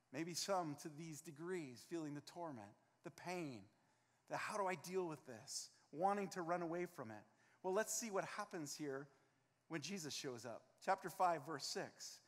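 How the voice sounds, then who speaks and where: A man's voice: fairly high pitch, lively intonation, normal speed, long reverb tail. A man preaching a sermon as pastor, earnest and emphatic, acting out scenes from the text. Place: church sanctuary.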